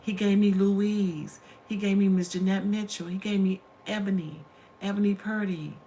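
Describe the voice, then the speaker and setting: A woman's voice: mid-range voice, fairly even intonation, moderate pace, dark tone, slight background noise. A middle-aged woman hosting a casual livestream from home, telling stories in a chatty way and calling her viewers honey and y'all. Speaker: livestream host.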